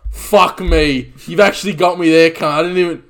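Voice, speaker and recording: A man's voice: a little high, steady tone, moderate pace, a bit bright. A young man co-hosting a podcast, trading crude, teasing banter. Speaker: podcast co-host. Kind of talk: casual chat.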